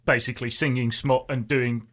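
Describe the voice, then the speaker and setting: A man in a casual chat among friends, making wry deadpan quips. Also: mid-range voice, normal speed. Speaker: panelist.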